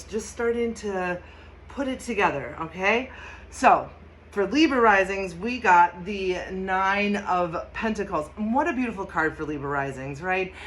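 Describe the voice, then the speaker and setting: A woman's voice: medium pitch, fairly bright tone, a little hiss or hum. A woman giving a casual, enthusiastic tarot and astrology reading, talking emphatically, swearing freely and laughing often. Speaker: tarot reader.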